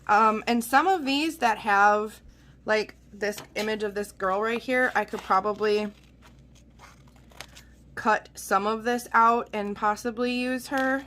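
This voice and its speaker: A woman's voice: mid-range voice, slow pace, fairly bright tone, slight background noise. A woman rambling in a chatty, self-deprecating way as she talks through her journal crafting at home. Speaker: craft channel host. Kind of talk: casual chat while journaling.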